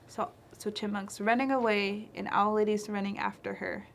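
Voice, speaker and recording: Brief: woman storyteller, middle pitch, casual asides, traditional tale in a library. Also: moderate pace, hardly any pauses, slight background noise. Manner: relaxed, chatty telling with asides.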